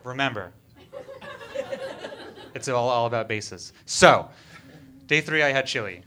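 A man performing a stand-up bit in a mock-serious, deadpan presentation style, with frequent hesitant fillers, on a stage microphone. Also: medium pitch, unhurried. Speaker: comedian.

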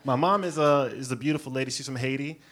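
A man from Brooklyn doing a stand-up set on a club stage, telling stories with lively character bits and laughing at his own jokes. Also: mid-range voice, fast talker. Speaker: stand-up comedian.

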